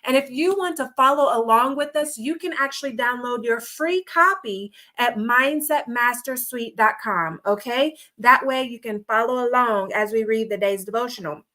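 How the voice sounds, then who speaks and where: A woman's voice: fairly high pitch, moderate pace, hardly any pauses, bright, forceful tone. A woman hosting a nightly devotional livestream, greeting viewers by name in a casual, folksy way and a little out of breath. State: a bit out of breath.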